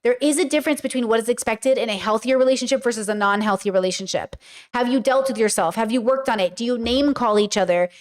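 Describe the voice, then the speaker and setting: Speaking fast in a high voice, a woman hosts a loose podcast monologue aimed right at her viewers. She's chatty and frank, swears casually, and packs her sentences with "like" and other fillers. To make her points, she acts out quoted lines.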